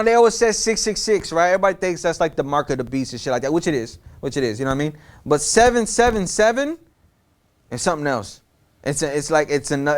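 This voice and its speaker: A man tells a personal story in a loose, slangy monologue and keeps checking in with the listener. His voice sits high for a man. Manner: slangy, animated, repeats phrases.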